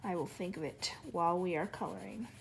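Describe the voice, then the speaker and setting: A young woman chatting casually while she colors, rambling and easily sidetracked, with a voice that is going hoarse. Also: lowish voice, a little fast, slight background noise. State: losing her voice. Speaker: coloring channel host. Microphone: camera on a monopod.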